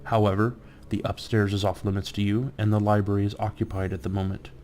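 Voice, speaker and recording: A man's voice: fairly low pitch, level tone, fast, darkish tone, a little hiss or hum, lightly acted. A man voicing a prim, fussy male elf butler in a video game, speaking stiffly and formally.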